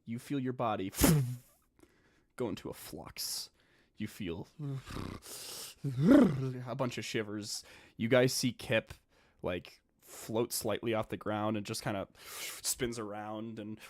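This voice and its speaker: A man narrating as dungeon master, often dropping into a hushed, slow-building delivery. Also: lowish voice, steady tone. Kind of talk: narrating a tabletop game.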